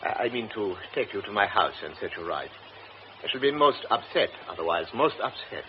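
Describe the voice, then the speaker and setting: A man's voice: lowish voice, big pitch swings, a little fast. An actor playing a formal, insistent well-to-do man in a radio drama, with a stammering, earnest manner. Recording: dull old radio recording with hiss.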